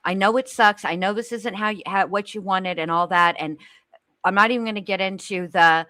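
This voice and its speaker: A woman's voice: medium pitch, brisk, sharp tone, no room sound. A woman co-hosting a casual commentary chat, pleading earnestly and reading aloud with blunt asides. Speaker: co-host.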